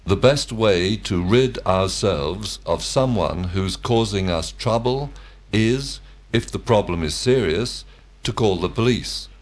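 Slow, lowish man giving drill answers. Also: expressive. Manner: slow, full-sentence answers. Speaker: model student.

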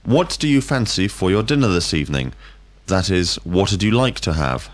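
A deep-voiced male teacher runs a scripted vocabulary drill. His pitch rises and falls widely as he puts each question clearly and deliberately. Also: big pitch swings. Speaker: language teacher.

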